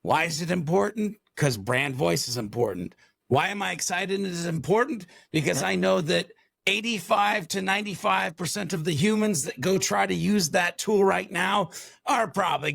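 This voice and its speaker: A man with a fairly high voice co-hosts a podcast with bursts of energy. He rambles and leans on fillers as he builds his points. The recording is dry and close. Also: gravelly, a bit bright, dry recording. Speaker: podcast co-host. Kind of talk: enthusiastic podcast talk.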